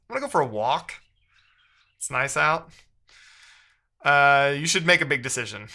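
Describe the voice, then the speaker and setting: A man's voice: fairly high pitch, bright, forceful tone. A man live-streaming while he codes, talking casually and reading the chat aloud in a frustrated, muttering way.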